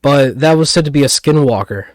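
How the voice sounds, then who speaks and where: A man's voice: mid-range voice, a little fast, no room sound, studio quality. A man co-hosting a casual podcast, rambling and hesitant with lots of fillers and restarts. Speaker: podcast co-host.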